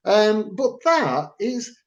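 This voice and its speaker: Animated Mancunian man telling a story. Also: high-pitched, extremely slow, muffled recording. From Manchester, England. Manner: animated storytelling, loud and blunt. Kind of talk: casual chat.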